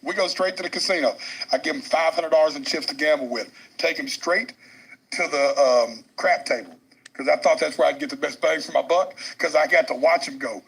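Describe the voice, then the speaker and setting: A man telling a story on a podcast, excitable and crude, laughing often. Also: on the high side, a little fast, vocal fry, slightly rough, poor audio. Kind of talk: animated storytelling.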